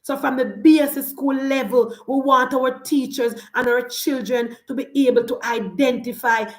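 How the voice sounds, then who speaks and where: Jamaican woman in her thirties, fiery political commentator, higher voice, patois-heavy rant, echoey room. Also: steady tone, normal speed. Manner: fiery, switches between patois and standard English.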